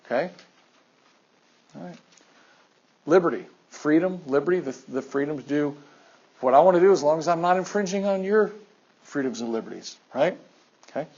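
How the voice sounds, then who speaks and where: A man teacher giving an animated classroom lecture, firing questions at his students. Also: a little high, normal speed, pauses often, dull audio.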